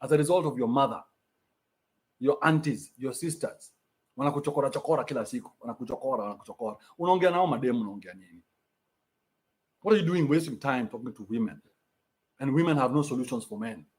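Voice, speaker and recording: A man's voice: mid-range voice, animated, brisk, pauses often, darkish tone. A man with a Kenyan accent hosting a livestream, reading out donations and ranting bluntly with plenty of profanity.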